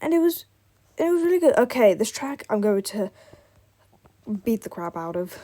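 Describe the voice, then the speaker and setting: A young woman chats her way through a building game, rambling from one thought to the next and leaning on filler words. Her voice sits a little high, with a mellow, unforced tone. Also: sing-song, moderate pace. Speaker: gaming vlogger. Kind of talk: casual chat while playing a building game.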